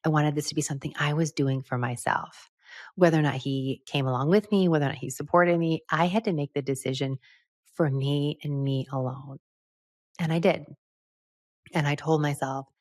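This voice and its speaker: A woman's voice: low voice, no room sound, clean studio sound. A middle-aged woman hosting a podcast, telling a candid, reflective personal story and laughing now and then. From United States. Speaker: podcast host.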